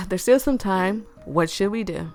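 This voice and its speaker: A woman's voice: medium pitch, a little slow, a little mellow, faint music behind, close to an everyday voice. A woman reading the lines of an earnest young heroine in a game, in her own voice.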